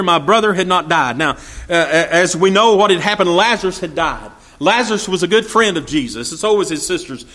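High-pitched preacher man. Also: fairly bright tone. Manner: folksy, rhetorical questions, reads scripture in old-fashioned English. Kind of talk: sermon with scripture reading.

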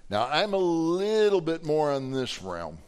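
A man preaching a sermon, telling stories animatedly and rising to loud emphasis. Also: on the high side, sing-song, measured pace, clear, resonant tone.

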